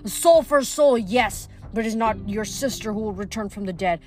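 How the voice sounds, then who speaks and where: A woman's voice: mid-range voice, brisk, natural voice. A woman reading aloud, voicing the sneering ghost of a dead king in a storybook.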